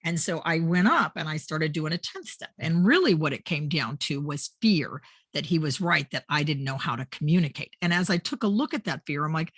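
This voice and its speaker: A woman's voice: fairly low pitch, animated, moderate pace, a bit bright, no room sound. A woman guest on a podcast, telling stories in a casual chat and laughing often.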